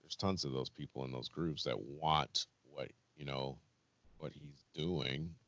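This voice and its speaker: A man co-hosting a podcast, talking things through calmly in casual chat. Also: rumbling low, unhurried, no echo, highs cut off. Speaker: podcast co-host.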